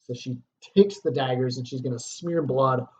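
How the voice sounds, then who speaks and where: A man's voice: medium pitch, moderate pace, slight background noise. A man teaching a lesson, explaining a play in a casual way with fillers and check-ins.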